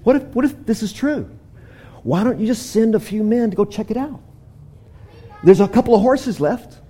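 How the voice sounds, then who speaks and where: A man voicing a timid little servant who softly suggests a plan to his king. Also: sits high, expressive, moderate pace, slightly rough, voice pushed up. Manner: hesitant, soft suggesting.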